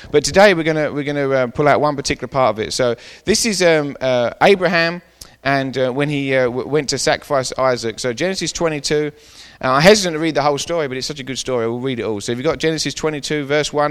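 A man preaching a sermon as a pastor, jovial and halting with many fillers, reading scripture aloud. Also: a little high, a bit bright, clean tone. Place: church hall. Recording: long hall reverb.

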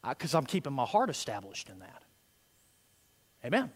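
A middle-aged man preaching a sermon, swinging between soft, murmured prayer lines and loud, emphatic declarations. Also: mid-range voice, wildly swooping pitch, moderate pace, breathy edge. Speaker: pastor. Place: church sanctuary. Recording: long hall reverb.

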